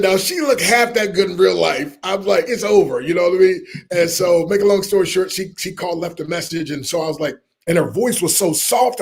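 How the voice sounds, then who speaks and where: A middle-aged man, a motivational speaker telling a lively story in an interview and acting out the people in it. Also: high-pitched, slightly rough. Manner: animated storyteller, acts out quoted voices, laughs often.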